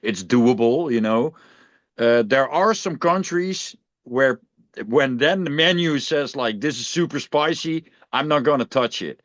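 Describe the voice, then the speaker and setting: A man's voice: medium pitch, expressive, unhurried, a bit bright, no room sound. A laid-back man with a Dutch accent chats on a podcast and laughs easily. His voice sounds dull and lo-fi, recorded dry with no room sound. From Netherlands. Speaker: podcast co-host. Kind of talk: casual chat.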